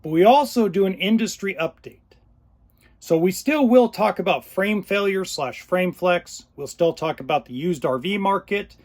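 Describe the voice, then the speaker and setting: A man hosting his own podcast, talking unscripted, choked up and pausing often. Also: high-pitched, lively intonation. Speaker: podcast host. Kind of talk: unscripted solo podcast talk.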